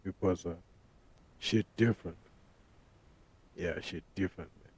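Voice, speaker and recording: A man's voice: low-pitched, unhurried, a little mellow, slight background noise. A man hosting a podcast, talking casually in a rambling, profane way full of street slang. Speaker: podcast host. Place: podcast studio.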